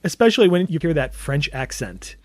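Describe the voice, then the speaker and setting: A man co-hosting a film podcast talks quickly and eagerly, often breaking into laughter. His voice sits a little high for a man. The sound is dry and close, with no room echo. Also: big pitch swings. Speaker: podcast co-host. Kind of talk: casual film discussion.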